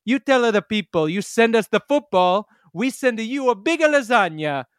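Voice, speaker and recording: A man's voice: sits high, lively intonation, normal speed, clean tone, no room sound, clean studio sound, pitched above the performer's own voice. A man putting on a pompous Italian prime minister with a mock Italian accent and broken English. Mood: boastful. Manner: broken English, loud and sing-song.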